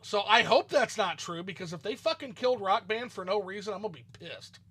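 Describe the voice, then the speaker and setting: A man with a Southern twang mixed with a flat Midwestern accent, chatting loosely and swearing freely as host over an online call. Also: sits high, fairly quick, slightly rough. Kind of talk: casual online chat. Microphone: online call mic.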